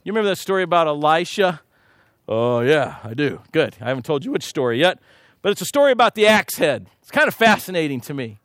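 Middle-aged male pastor, animated storyteller, high lively voice. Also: quick pace, dry recording, studio quality. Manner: animated storytelling, dropping to a hushed voice for prayer. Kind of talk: sermon.

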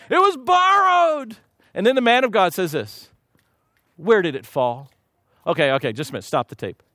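Middle-aged male pastor, animated storyteller, high lively voice. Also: no room sound, clean studio sound. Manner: animated storytelling, dropping to a hushed voice for prayer. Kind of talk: sermon.

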